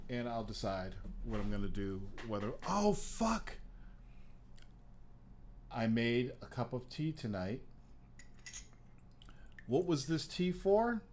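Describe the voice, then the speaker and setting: A man's voice: medium pitch, a little hiss or hum. A middle-aged man hosting a live show, rambling casually, swearing often and laughing at his own stories. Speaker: host. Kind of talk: casual livestream chat.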